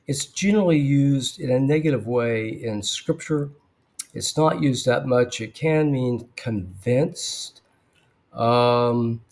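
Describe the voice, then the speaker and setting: A man teaching biblical Greek verse by verse, thoughtful, with frequent fillers and throat clearing. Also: medium pitch, a little mellow.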